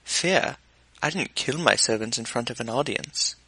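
A man's voice: medium pitch, normal speed, creaky, pushed and bright, breathy edge, no echo, full character voice, poor audio. A man voicing a lackadaisical, cold-blooded male villain in an audiobook reading. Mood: offhand. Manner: lackadaisical, casual.

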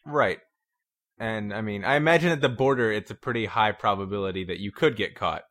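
A man's voice: lowish voice, brisk, fairly bright tone. A man in a casual talk, easygoing and musing, reacting to a story his friend tells. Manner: easygoing, laughs along, musing. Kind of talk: casual podcast chat.

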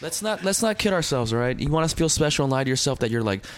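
Animated, sarcastic young man telling stories. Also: fairly high pitch, quick pace, background noise. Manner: animated storyteller, acts out quotes, sarcastic. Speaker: podcast co-host. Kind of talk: casual comedic chat.

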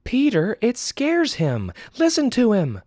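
A man voicing a stern, exasperated young mother who scolds her son in a high, emphatic voice. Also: wildly swooping pitch, takes it slowly, a little mellow, no echo, studio quality, exaggerated voice. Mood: alarmed.

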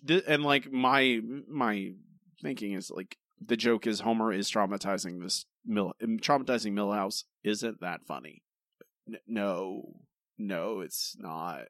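A man co-hosting a podcast, recapping an animated episode in casual, rambling chat full of restarts. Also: lowish voice, a little slow, dry recording, clean studio sound. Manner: animated, rambling with restarts, addresses co-host by name. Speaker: podcast co-host.

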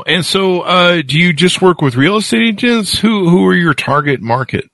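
Lively, joking male interview host. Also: high voice, normal speed, no room sound. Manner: jokey, self-deprecating banter. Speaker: show host. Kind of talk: casual interview conversation.

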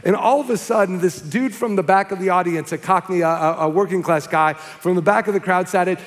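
A man preaching to his congregation in a loose, conversational way, telling stories and checking in with "okay?" His voice sits a little high for a man. A large hall adds a long echo behind him. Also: brisk, hardly any pauses. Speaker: pastor. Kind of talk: sermon.

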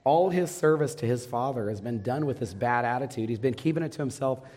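Pastor preaching in a reverberant hall. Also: male voice, mid-range voice, fairly quick, darkish tone. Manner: asks the congregation questions and answers them. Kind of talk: sermon. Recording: long reverb of a large hall.

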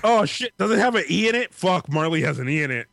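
A man as an excitable podcast guest who swears often in casual chat. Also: high-pitched, quick pace, creaky.

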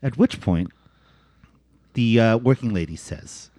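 A man's voice: takes it slowly, long pauses, slightly rough, no echo, clean studio sound. A man on a casual podcast, telling stories with swearing and lots of "man" and "dude". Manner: animated storytelling with big pitch swings. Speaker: podcast co-host. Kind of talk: casual chat.

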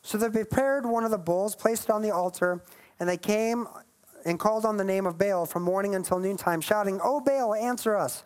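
A woman's voice: medium pitch, fairly even intonation, brisk, darkish tone. Emphatic woman preaching a sermon. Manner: emphatic, playful asides, reads scripture aloud.

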